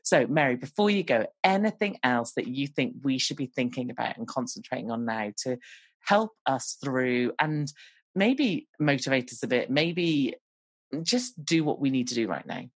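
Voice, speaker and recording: A woman's voice: very deep voice, animated, moderate pace, breathy edge, no room sound. A woman hosting a podcast, telling personal stories in a candid way and laughing easily. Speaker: podcast host. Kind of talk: casual conversation.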